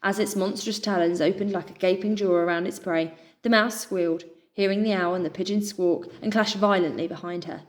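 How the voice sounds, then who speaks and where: A woman reading a children's adventure story aloud with expressive narration. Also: mid-range voice, fairly quick, hardly any pauses. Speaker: children's book reader.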